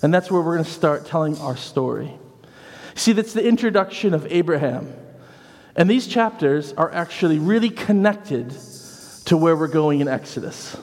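Man, preacher, lively chatty sermon, higher voice, long church reverb. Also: moderate pace. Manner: lively, conversational, acts out quoted voices.

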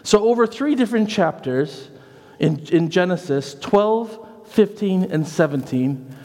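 A man gives a chatty, animated sermon in a church. His voice sits a little high and rings out with a long hall reverb. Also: measured pace. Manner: lively, conversational, acts out quoted voices. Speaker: preacher.

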